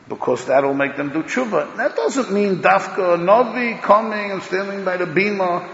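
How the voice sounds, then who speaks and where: A man giving a Torah lecture in an emphatic, loud way, swinging between declarations and muttered asides, recorded dull in an echoey hall. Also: high voice, lively intonation, normal speed, a little hiss or hum. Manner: talks loudly, says he is hard of hearing. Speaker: rabbi giving a Torah class.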